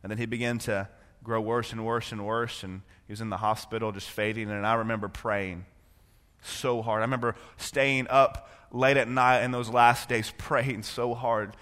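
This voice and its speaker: A man preaching a sermon, moving from quiet personal storytelling to impassioned, rising preaching. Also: medium pitch, fairly even intonation, moderate pace, long reverb tail. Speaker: pastor.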